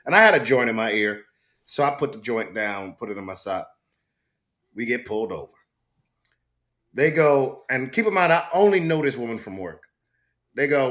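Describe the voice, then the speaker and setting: A middle-aged man guest in a casual interview, telling a story with lively acted-out quotes. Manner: animated storyteller, acts out quotes with big pitch jumps. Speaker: actor guest.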